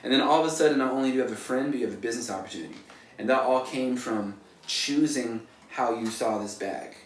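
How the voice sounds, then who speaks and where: A man's voice: mid-range voice, quick pace. A man, a painter, giving a casual motivational talk in a loose, rambling way full of "like" and "you know", recorded from a distance in an echoey room. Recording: echoey room, distant mic, faint noise.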